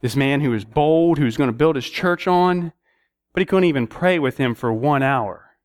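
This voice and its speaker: A man preaching a sermon, telling stories and acting out prayers and dialogue with sudden rises in pitch. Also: normal speed, dry recording, clean studio sound.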